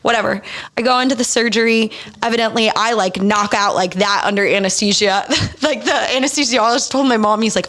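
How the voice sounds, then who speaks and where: A woman's voice: fairly high pitch, a little fast, a bit bright. A young adult woman hosting a podcast, telling a personal story in a candid, profane, casual way. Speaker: podcast host. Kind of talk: casual confessional chat.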